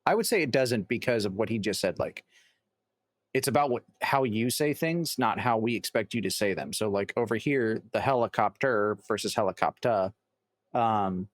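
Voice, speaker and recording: A man's voice: fairly low pitch, dry recording, clean studio sound. A man giving casual, rambling reaction commentary, full of fillers and restarts. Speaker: reaction video host.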